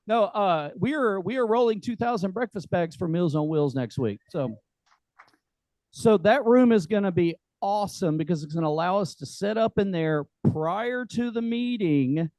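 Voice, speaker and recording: A man's voice: high voice, lively intonation, normal speed, a little mellow, no room sound, poor audio. A man hosting a group meeting, casual, joking and folksy, with lots of fillers. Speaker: meeting host. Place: meeting room.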